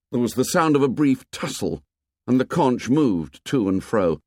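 A man narrates a novel in measured, expressive storytelling, his mid-pitched voice rising and falling widely. He drops low and soft for tense moments. The recording is close and dry. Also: dry recording. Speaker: audiobook narrator. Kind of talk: scripted narration.

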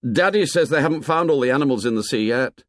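A man reading aloud, voicing a talkative young boy who rushes his words out eagerly. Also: fairly high pitch, dry recording, clean studio sound, pitched above the performer's own voice, close to an everyday voice. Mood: eager, chattering. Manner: rushed, breathless chatter. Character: chattering talkative schoolboy, eager and fast.

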